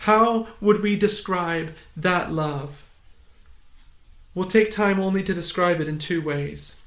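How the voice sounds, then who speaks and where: A pastor giving a morning sermon, earnest and measured, asking rhetorical questions and repeating key points. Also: male voice, high voice, fairly bright tone, echoey room.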